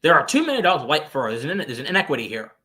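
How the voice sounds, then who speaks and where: A podcast co-host offers lecturing philosophical commentary, full of searching restarts and sudden emphatic jumps. His slightly high voice is sing-song, bright and forceful, and he talks at a racing pace.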